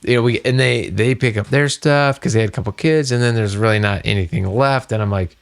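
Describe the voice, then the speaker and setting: Middle-aged male podcast co-host, gravelly voice, lively storyteller who acts out the other people's lines. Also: lowish voice, a little fast. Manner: animated, acts out quoted voices. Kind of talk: casual storytelling chat.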